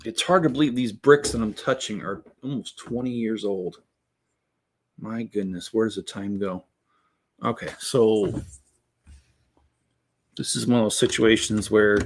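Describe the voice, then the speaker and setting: A man's voice: fairly low pitch, measured pace, long pauses, a little hiss or hum. Rambling middle-aged man chatting while building. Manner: rambling, talks to viewers in the chat. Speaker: Lego building channel host. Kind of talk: casual live-stream chat while building.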